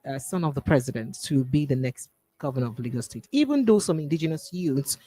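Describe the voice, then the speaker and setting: A woman's voice: extremely low pitch, expressive, a little fast, mellow, slightly rough, no echo, poor audio. A woman hosting a political talk show, reading news items and then commenting on them aloud. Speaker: host.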